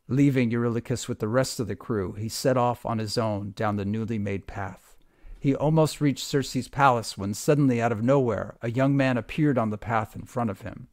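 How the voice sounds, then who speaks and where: A man, a teacher, reading a retold myth aloud to a class in an expressive, steady storytelling voice. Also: medium pitch, moderate pace, no room sound, studio quality.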